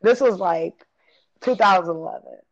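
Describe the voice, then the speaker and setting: A woman's voice: fairly low pitch, moderate pace, creaky. A woman in her thirties from Illinois, telling her own story in casual talk, laughing often, cursing freely and acting out what people said. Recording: dull lo-fi recording.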